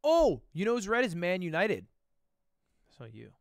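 Young streamer guy muttering word guesses and swearing, lively pitch, dead dry room. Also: normal speed, dry recording. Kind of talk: casual gaming commentary.

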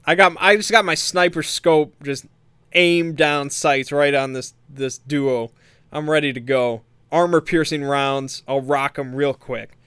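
A man's voice: a little high, steady tone, measured pace, fairly bright tone, smooth, no room sound. A man casually recapping a tabletop game session in a meandering, hesitant, amused way.

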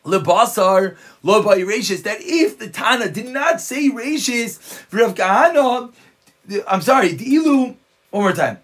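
A man giving a daf yomi Talmud lesson, reading Aramaic lines and explaining them quickly in English, often correcting himself, his pitch jumping between reading and explaining. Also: expressive, fairly bright tone. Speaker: Talmud teacher.

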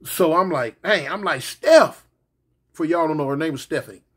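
A man's voice: fairly high pitch, fast, a bit bright, breathy edge. A man telling a comedic story casually, drawling and repeating lines for effect as he talks straight to his listeners.

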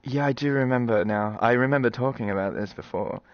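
A man hosting a gaming video, talking to his viewers in excited, animated commentary, quick to swear and exclaim. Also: medium pitch. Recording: slightly dull recording with game music.

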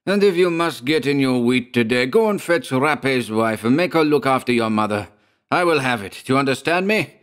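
A man's voice: lowish voice, sing-song, normal speed, fairly bright tone. A man voicing an angry, domineering village doctor who hectors and commands in a storybook reading.

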